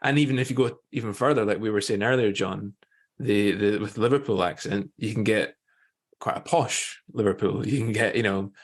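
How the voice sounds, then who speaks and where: Lower-voiced quick-talking man co-host. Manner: quick, loose, lots of likes. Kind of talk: casual podcast chat.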